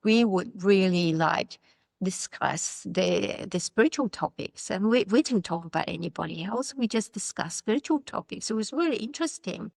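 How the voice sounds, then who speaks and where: A middle-aged woman from Poland with a Polish accent, a native Polish speaker telling her life story in an interview, animated and acting out quoted voices. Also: medium pitch, moderate pace, gravelly, dry recording. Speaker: interview guest. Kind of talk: personal story in a sit-down interview.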